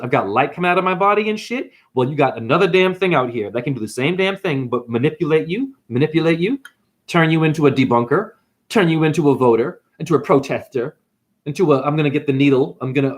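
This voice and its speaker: A man's voice: on the high side, a bit bright. A man who is a spiritual teacher and numerologist, in a preachy livestream rant that swings between whoops and mutters.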